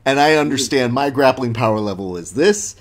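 A man's voice: mid-range voice, lively intonation, fairly quick. Laid-back slangy male podcast host. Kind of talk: casual interview chat.

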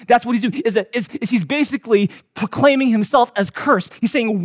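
A male pastor preaching a sermon with emphatic swings from loud to hushed, acting out the voices he quotes. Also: very high voice, quick pace, hardly any pauses, dry recording, clean studio sound.

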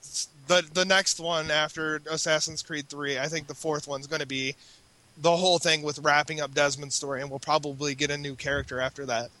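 Man, podcast co-host, bright ringing tone, fairly high voice, rambling casual chat. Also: level tone, a little fast, poor audio. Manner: rambling, self-correcting.

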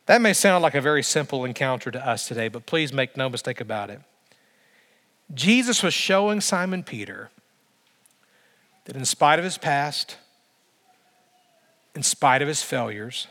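A man preaching a sermon as pastor, emphatic, building through repeated phrases with slow dramatic pauses. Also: fairly high pitch, animated, fairly bright tone. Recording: long reverb of a large hall.

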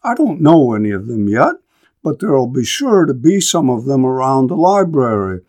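A man voicing a polite young male college freshman off the farm, with a bright, clear voice and a rising inflection. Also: medium pitch, big pitch swings, moderate pace. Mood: friendly.

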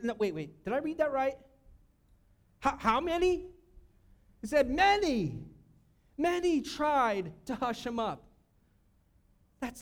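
A male pastor preaching a sermon, swinging between loud cries and hushed, quiet lines. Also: very high-pitched. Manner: preaching with sudden shouts and hushed drops.

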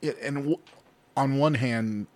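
A man's voice: medium pitch, takes it slowly, a little mellow. A man co-hosting a podcast, rambling and arguing his points skeptically in casual chat. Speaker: podcast co-host.

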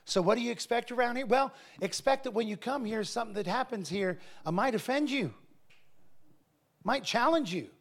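Male pastor, middle-aged, high gravelly voice, animated sermon delivery with acted-out dialogue. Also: normal speed. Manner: animated, acts out conversations in his stories.

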